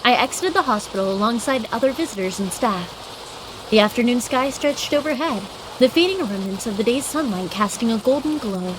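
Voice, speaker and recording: A woman streamer reading a visual novel aloud with expressive, dramatic delivery and casual asides. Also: a little high, moderate pace, noisy background. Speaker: game streamer. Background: game background music.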